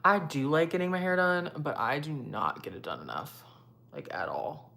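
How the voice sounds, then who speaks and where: A woman's voice: low voice, lively intonation, moderate pace, vocal fry, fairly bright tone. A young woman vlogger chatting casually with viewers while doing her makeup, answering their comments as she goes. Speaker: beauty vlogger.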